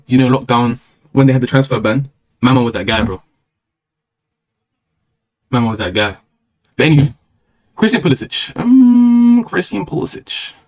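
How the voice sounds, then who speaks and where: A young man with a British accent riffs through a casual live-stream chat at a quick clip. His voice sits at an ordinary middle pitch, and his talk is slangy, rambling and full of strong opinions.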